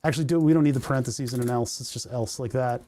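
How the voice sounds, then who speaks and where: Man, livestream coding talk, thinking aloud, self-correcting, mellow tone. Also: mid-range voice, fast. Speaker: streamer coding a hardware project. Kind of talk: casual livestream coding commentary.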